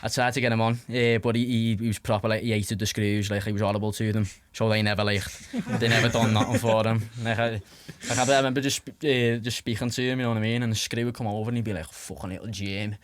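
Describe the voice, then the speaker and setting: A man's voice: lowish voice, level tone, fast talker, few pauses. A young man with a Liverpool Scouse accent, casually telling stories as a podcast guest, rambling with lots of filler and swearing. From Liverpool, England. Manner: rambling, heavy fillers and restarts, swears freely. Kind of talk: casual storytelling.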